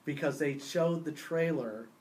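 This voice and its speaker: A man with a high-pitched voice chats casually about films. He talks as an eager fan and acts out people's reactions along the way. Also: measured pace. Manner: excited fan talk, mimics reactions. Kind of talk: casual podcast chat.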